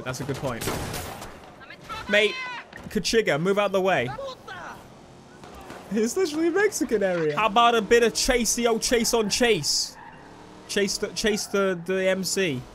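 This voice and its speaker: A young man giving excitable, swearing let's play commentary over a video game. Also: sits high, noisy background. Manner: excitable, swearing, laughing at his own jokes. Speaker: gaming YouTuber. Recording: game gunfire and sounds behind.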